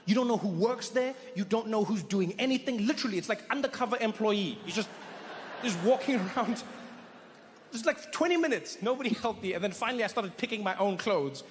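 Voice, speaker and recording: A man doing stand-up storytelling on stage, animated, with stammered restarts. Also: sits high, brisk. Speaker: stand-up comedian. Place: large performance hall. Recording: live hall reverb, faint noise.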